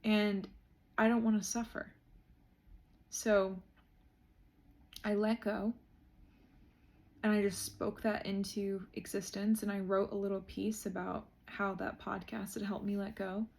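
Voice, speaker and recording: Young woman vlogger, mid pitch, gravelly fry, earnest and emotional. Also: little pitch movement, unhurried, pauses often, darkish tone. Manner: emotional, heartfelt, says "like" a lot. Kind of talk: reflective casual chat.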